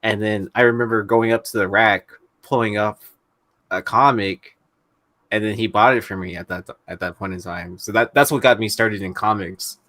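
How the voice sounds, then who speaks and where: A man co-hosting a podcast, remembering in a halting, hesitant way. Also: fairly low pitch, fairly even intonation, a bit bright, no room sound. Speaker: podcast co-host. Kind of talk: casual reminiscing.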